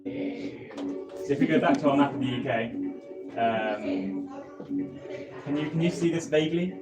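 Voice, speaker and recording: A man's voice: mid-range voice, animated, measured pace, over loud music. London man teaching from across a roomy hall. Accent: southeastern English, London. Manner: chatty, laughs often, restarts a lot. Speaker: workshop teacher. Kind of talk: live classroom explanation. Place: classroom or workshop room. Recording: roomy, distant live workshop recording with audience.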